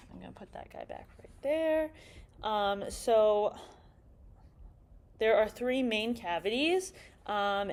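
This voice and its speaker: A young woman giving a classroom presentation on speech anatomy, halting and filling pauses with "um" as she goes. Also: mid-range voice, darkish tone. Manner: halting, many fillers and restarts.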